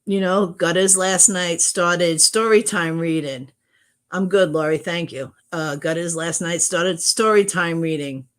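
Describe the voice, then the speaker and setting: A woman's voice: lowish voice, measured pace, a bit bright. A middle-aged woman chatting casually on her livestream, greeting viewers from chat and talking with frequent restarts. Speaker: livestream host. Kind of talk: casual live-stream chat.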